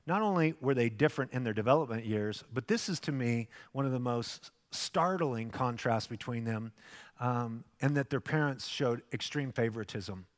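A man in his fifties preaching a sermon with acted asides, swinging from loud bursts to hushed, soft passages. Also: mid-range voice, moderate pace. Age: 50s. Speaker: pastor. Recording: long hall reverb.

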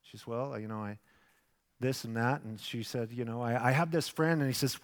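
Man in his fifties, sermon, lively preaching, loud then hushed, long hall reverb. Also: mid-range voice, moderate pace. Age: 50s. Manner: animated preaching with acted asides, swings from loud to hushed. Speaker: pastor.

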